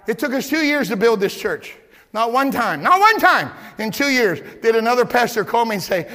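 High, bright-voiced preaching pastor. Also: male voice, lively intonation, normal speed, in a large hall. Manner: preaching, shouting and repeating words. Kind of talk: sermon. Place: church.

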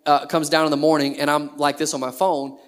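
A man's voice: on the high side, little pitch movement, fairly quick. A man in his thirties, a pastor preaching a sermon in a conversational way, full of rhetorical questions.

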